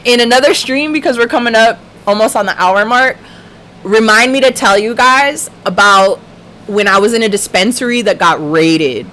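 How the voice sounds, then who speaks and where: A woman's voice: medium pitch, a bit bright, poor audio. A young woman hosting a casual livestream chat, talking passionately with lots of swearing and frequent laughs. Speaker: livestream host.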